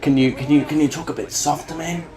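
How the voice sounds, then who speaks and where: A man's voice: a little high, fairly even intonation, fast, background noise. A man hosting a casual film reaction, exclaiming and swearing freely as he comments, with the film's music playing behind him. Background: film soundtrack playing.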